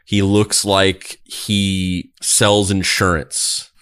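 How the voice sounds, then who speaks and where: A man's voice: low-pitched, little pitch movement, very slow, fairly bright tone, clear, resonant tone. A man co-hosting a podcast, chatting casually and joking with frequent laughter. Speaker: podcast co-host. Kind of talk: casual chat.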